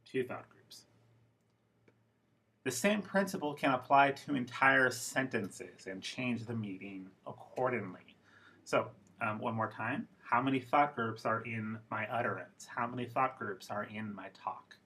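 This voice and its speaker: Slow, husky-voiced male English teacher. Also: mid-range voice, animated, sharp tone. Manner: slow, careful, demonstrative delivery with model phrases. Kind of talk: classroom pronunciation lesson.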